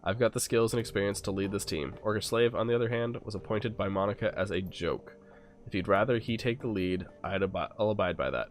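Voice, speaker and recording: A man's voice: lowish voice, brisk, close to an everyday voice. A man reading the lines of a blunt, impatient woman soldier in a video game, curt and dismissive.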